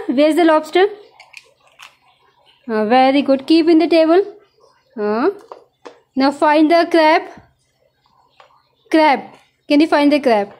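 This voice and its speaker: A woman's voice: high-pitched, darkish tone. A young mother patiently teaching her toddler animal names, praising and prompting with questions. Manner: slow, coaxing, praising, asks prompting questions.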